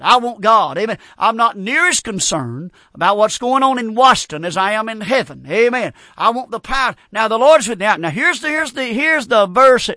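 A man's voice: high-pitched, sharp tone, dry recording. A man preaching a fiery radio sermon, repeating phrases and building emphasis. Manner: preaching with rising emphasis and repetitions.

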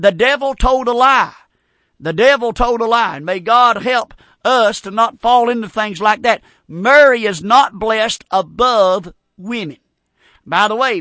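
A preacher delivers a fiery radio sermon, hammering home repeated phrases. His voice sits high and sounds bright and ringing. The sound is close and dry, with no room around it. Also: dry recording. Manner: preaching with rising emphasis and repetitions.

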